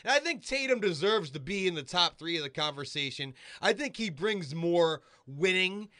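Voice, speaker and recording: Bright-voiced radio producer man. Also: high voice, expressive, moderate pace, dry recording, studio quality. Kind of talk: sports talk radio chat.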